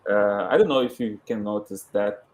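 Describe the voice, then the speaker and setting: A man's voice: on the low side, moderate pace, a little mellow. A man, speaking English as a learner in a casual podcast chat, hesitant, with lots of fillers and tag questions. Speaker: podcast guest.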